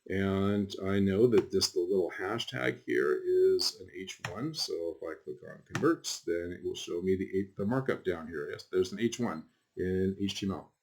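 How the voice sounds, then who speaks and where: A man's voice: low-pitched, normal speed, vocal fry. A man teaching a class while showing things on screen, talking casually and rambling, with frequent fillers and asides. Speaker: college instructor. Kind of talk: screen-recorded lecture.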